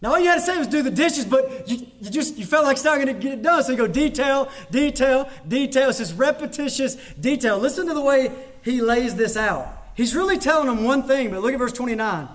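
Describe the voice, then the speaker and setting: A man's voice: extremely high pitch, lively intonation, brisk. A man preaching a sermon as a pastor, talking conversationally with emphatic repetition.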